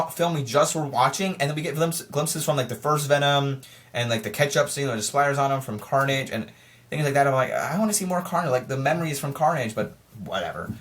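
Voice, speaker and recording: An excitable reviewer talks through a film in a loose, casual vlog style. Sentences often stall and restart with stammered repeats. The voice sits at an ordinary middle pitch and keeps piling up frustrated questions. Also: moderate pace. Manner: frustrated, rhetorical, asks itself questions.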